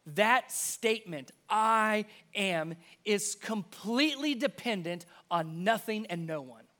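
A man preaching a sermon, emphatic, repeating key phrases and dropping to a hush for stress. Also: sits high, animated, unhurried.

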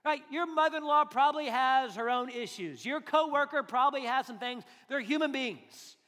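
High-voiced male pastor, joking sermon, reverberant hall. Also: normal speed, pushed and bright. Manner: joking, conversational, acts out quotes. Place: church sanctuary.

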